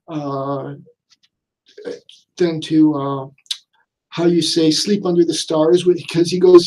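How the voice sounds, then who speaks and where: A man's voice: a little high, a little mellow, poor audio. A man chatting casually about a comic book, rambling and full of fillers. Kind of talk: casual chat.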